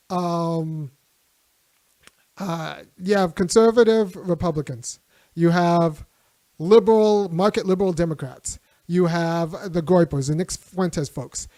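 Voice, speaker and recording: A man's voice: sits high, a little mellow, no room sound, clean studio sound. A man hosting a political livestream, talking loosely with restarts and short laughs. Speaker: host.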